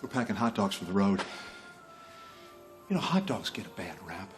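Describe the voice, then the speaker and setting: An actor playing an odd, chatty plant-nursery owner who speaks in an offbeat way. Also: male voice, on the low side, sing-song, normal speed. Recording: film clip with music behind.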